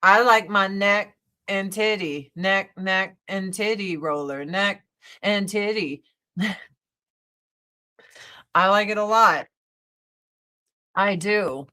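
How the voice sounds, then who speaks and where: A woman's voice: medium pitch, takes it slowly, long pauses, bright, forceful tone. A woman livestream host in casual chat while doing her makeup, talking bluntly with heavy swearing. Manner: blunt, profane, ranting.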